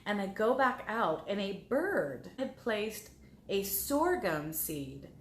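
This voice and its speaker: A woman's voice: mid-range voice, very animated, takes it slowly, roomy sound, slight background noise. A woman guest on a talk show, telling personal stories in a heartfelt way and repeating words as she remembers. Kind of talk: personal storytelling.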